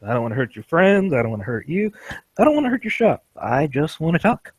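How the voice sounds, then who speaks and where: A man voicing a calm, courteous but threatening man who speaks softly and evenly. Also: on the high side, slightly rough, pitched above the performer's own voice. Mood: politely menacing. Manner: soft, measured, courteous. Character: calm, menacingly polite man.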